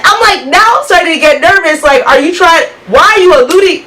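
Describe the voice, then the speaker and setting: High-voiced, profane storytelling woman. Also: fairly quick, few pauses, noisy background. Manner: animated, profane, heavy use of "like". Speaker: vlogger. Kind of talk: storytime vlog.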